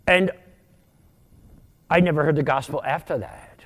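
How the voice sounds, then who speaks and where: A man in his sixties from outside Philadelphia, telling his conversion story as a sermon testimony, with animated, storytelling delivery. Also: measured pace, big-room sound. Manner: animated storytelling, wide pitch swings, rising for punchlines. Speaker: guest speaker giving testimony.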